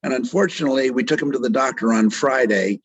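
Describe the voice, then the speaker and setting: A man's voice: medium pitch, quick pace, slightly rough, rough recording. A middle-aged man, a doctor and author, telling a story in an interview with earnest feeling and acting out the voices of the people in it. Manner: vivid retelling that acts out quoted speech; earnest, emotionally moved.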